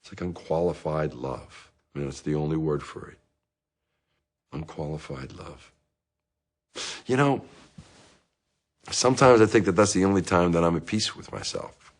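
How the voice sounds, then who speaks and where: An actor playing a middle-aged divorced dad in therapy, rambling and self-justifying in a comic monologue, with bursts of anger. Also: male voice, low voice, moderate pace, long pauses. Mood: self-pitying. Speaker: therapy patient.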